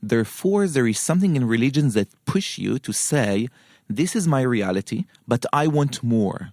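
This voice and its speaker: A man's voice: medium pitch, expressive, normal speed, darkish tone, no room sound, clean studio sound. A man from Israel with an Israeli accent, a guest scholar explaining his views earnestly in an interview and often checking in with "right?". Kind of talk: interview conversation.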